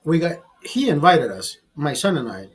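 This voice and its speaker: Husky, profane middle-aged man telling stories. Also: a little high, normal speed, soft background music, poor audio. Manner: profane, rambling, animated storyteller. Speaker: vlogger. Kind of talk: casual storytelling over a beer.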